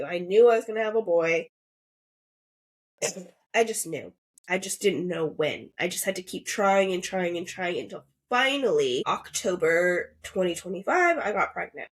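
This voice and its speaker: Female podcast host, 30s, congested and slightly nasal, earnest and upbeat. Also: medium pitch. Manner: earnest, upbeat spiritual musing. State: sick, congested and coughing. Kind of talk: solo podcast monologue.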